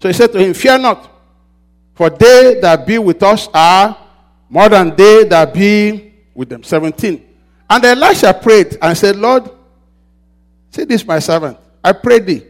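A man preaching a sermon, asking the congregation to finish his sentences and swinging between loud shouts and quiet asides. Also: high-pitched, lively intonation, a little slow, long pauses. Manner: call-and-response preaching, asks the congregation to fill in words.

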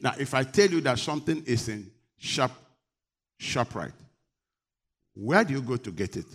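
A middle-aged man from Nigeria preaching a sermon as pastor, animated and joking, teasing his congregation. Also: mid-range voice, moderate pace, slightly rough.

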